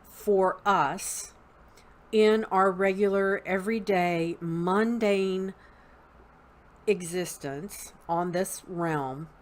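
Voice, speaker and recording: A woman with a Southern US accent, teaching an online class in an unhurried, halting way with frequent ums. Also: medium pitch. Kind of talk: unscripted spoken lesson.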